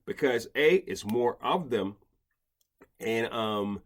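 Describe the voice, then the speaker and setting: A man's voice: mid-range voice, lively intonation, slow pace, a bit bright. A man hosting a casual podcast chat, talking in rambling bursts with many restarts and stammers. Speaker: podcast host, dog behavior expert.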